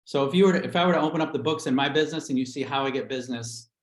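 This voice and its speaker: In a livestream interview, a middle-aged real estate agent tells the candid story of how he built his business, now and then slipping into quick acted-out quotes. His pitch is ordinary, and the room around him sounds echoey.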